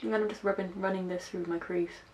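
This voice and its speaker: With a mid-range, slightly mellow voice and fairly even intonation, a young West Country makeup vlogger speaks quickly and carries a light regional accent. She chats through her tutorial step by step with self-deprecating asides, over a little hiss or hum.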